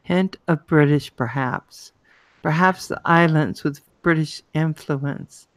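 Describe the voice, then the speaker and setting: Maryland woman hosting a live chat, unhurried and chatty, smooth dry close voice. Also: sits low, no echo. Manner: chatty, greets viewers by name, laughs often. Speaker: livestream host. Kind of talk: casual live chat reading comments.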